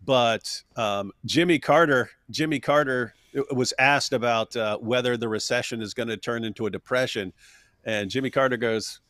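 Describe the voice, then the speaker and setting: A man's voice: medium pitch, normal speed, a bit bright, no echo. Jokey man with a dry close sound. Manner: jokey, laughs often, acts out quotes. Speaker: co-host. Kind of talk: casual political chat.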